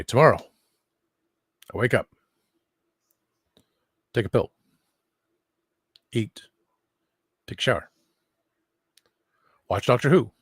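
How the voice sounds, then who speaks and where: A man's voice: medium pitch, gravelly, dry recording. A man vlogging from home, rambling and thinking aloud, recorded by a camera set at some distance. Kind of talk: casual vlog monologue.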